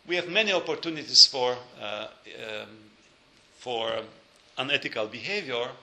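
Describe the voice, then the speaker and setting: A man's voice: mid-range voice, expressive, normal speed, sharp tone, roomy sound, rough recording. A man giving a lecture, hesitant with many fillers and dry joking asides.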